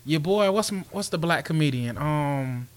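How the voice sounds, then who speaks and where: Laid-back co-host, teasing. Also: male voice, fairly high pitch, animated, measured pace, smooth. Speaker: podcast co-host. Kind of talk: casual sports chat.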